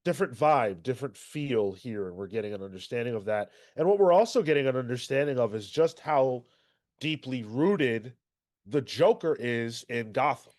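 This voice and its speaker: A man's voice: mid-range voice, lively intonation, normal speed, a little mellow, dry recording, studio quality. A man hosting a casual comics podcast, talking energetically and loosely about the week's books. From Irish heritage. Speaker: podcast host.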